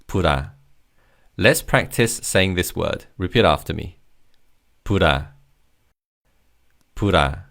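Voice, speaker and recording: Lively low-voiced man teaching vocabulary. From Korea. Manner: patient, clear explanations with repeat-after-me drills. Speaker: language teacher. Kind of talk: scripted language lesson.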